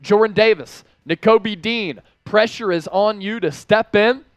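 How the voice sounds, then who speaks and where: A man hosts a live sports show with high, bright energy. His voice is smooth and resonant. He reads chat names and cities rapidly, with a dry, close mic sound. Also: dry recording, dull audio. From from the Philadelphia area. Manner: energetic, shouts out viewers by name. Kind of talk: live-stream sports talk reading chat.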